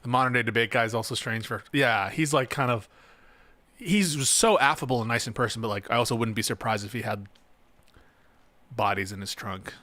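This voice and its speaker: A man's voice: medium pitch, a little fast, pushed and bright, no room sound. A man hosting a casual reaction stream, making sarcastic jokes and laughing at the clips. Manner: sarcastic, laughing, joking asides. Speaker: streamer host.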